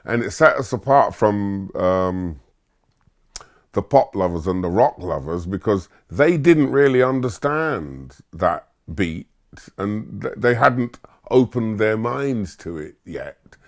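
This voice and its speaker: A man from Barbados, a musician, recalling his youth in a relaxed, rambling way with lots of fillers and chuckles. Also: on the low side, takes it slowly. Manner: laid-back storytelling with filler words and chuckles. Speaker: musician interviewee. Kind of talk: relaxed reminiscing monologue.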